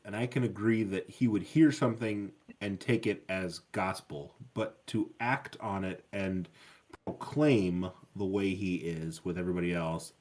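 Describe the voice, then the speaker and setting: A man's voice: low-pitched, a little mellow. A man co-hosting a podcast, reasoning his point aloud with many restarts in a casual discussion. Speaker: podcast co-host.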